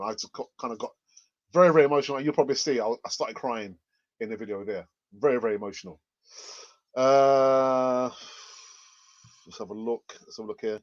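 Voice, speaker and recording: A man's voice: medium pitch, normal speed, pauses often. Man, fan channel host, casual repetitive chatter, a bit of a cough, muffled audio. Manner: rambling, repeats phrases, many fillers. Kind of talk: casual live chat reading comments.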